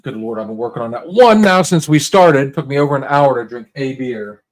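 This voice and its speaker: A man's voice: medium pitch, animated. Rambling laid-back man hosting a livestream. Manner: rambling, halting, many restarts and fillers; laid-back and encouraging, talks straight to viewers. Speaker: livestream host. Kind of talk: casual livestream chat.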